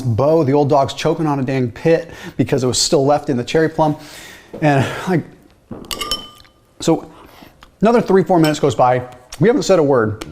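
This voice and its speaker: A male video host with a slightly raised pitch, speaking casually. He is relaxed and conversational, filling his talk with "like" and "right?". He moves easily between telling stories and explaining diet tips. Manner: chatty, loose, with frequent "like" and "right?".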